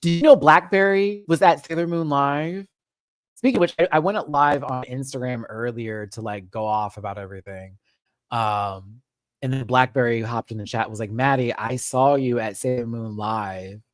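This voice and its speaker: Expressive man host, casual streaming rant, swears freely, close dry mic. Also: mid-range voice, moderate pace, dry recording. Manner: animated and expressive, swears, acts out quotes. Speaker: live-stream show host.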